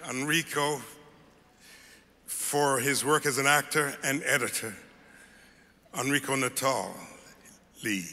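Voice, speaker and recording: An older man delivers an acceptance speech from a stage microphone, slow and deliberate, his tone bright and open. His thanks build from heartfelt to emphatic, and the voice rings out into a large, echoing hall. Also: fairly high pitch. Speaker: award winner. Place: awards ceremony hall. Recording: echoey hall.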